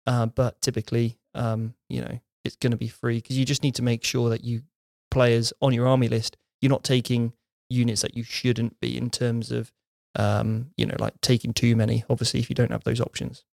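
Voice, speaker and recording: A man's voice: medium pitch, little pitch movement, normal speed, vocal fry, a little mellow, no room sound, clean studio sound. A man co-hosting a casual gaming talk show, rambling through lists and correcting himself as he goes. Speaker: podcast co-host. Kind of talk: casual chat about tabletop gaming.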